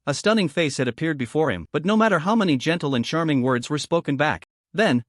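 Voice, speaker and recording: A man reading a scripted story recap in an even storytelling cadence. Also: a little high, dry recording, clean studio sound. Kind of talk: scripted narration.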